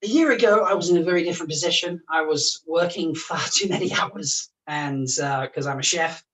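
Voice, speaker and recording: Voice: medium pitch, brisk, a bit bright. Chatty chef, off-mic. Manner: chatty, laughs often, busy cooking while talking. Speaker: chef and charity livestream host. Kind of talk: casual livestream chat. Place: home kitchen with the oven on. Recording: voice picked up from a distance.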